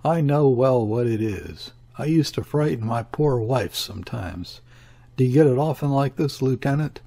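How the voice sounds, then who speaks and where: A man voicing a fussy, anxious older father who talks in urgent rushes. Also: mid-range voice, lively intonation, vocal fry, warm tone. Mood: fretful.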